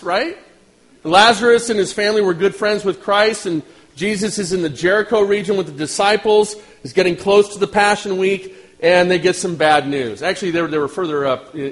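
A man preaching a sermon as pastor, talking directly to his congregation and swinging from loud outbursts to hushed lines. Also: on the high side, poor audio.

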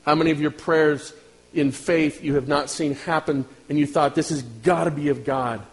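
A man preaching a sermon as pastor, talking directly to his congregation and swinging from loud outbursts to hushed lines. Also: on the high side, steady tone, normal speed, rough recording.

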